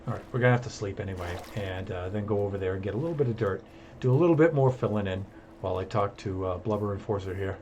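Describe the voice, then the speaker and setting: A man's voice: fairly low pitch, quick pace, a little mellow, lo-fi sound, slight background noise. A man chatting through live gameplay commentary, self-amused and handing out jokey tips. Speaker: streamer.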